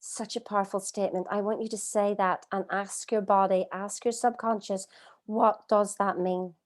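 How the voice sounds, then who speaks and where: A middle-aged woman leading a live online coaching masterclass from home, earnest and expressive, asking her audience many rhetorical questions. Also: mid-range voice. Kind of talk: live-streamed coaching talk. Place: at home, streaming by video call.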